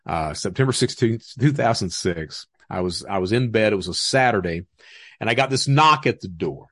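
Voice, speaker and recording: Guy cracking himself up telling a crazy story, swears a lot, super lively voice. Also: fairly low pitch, normal speed, no echo, clean studio sound. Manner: animated, laughing, profane. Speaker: interview guest. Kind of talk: casual storytelling.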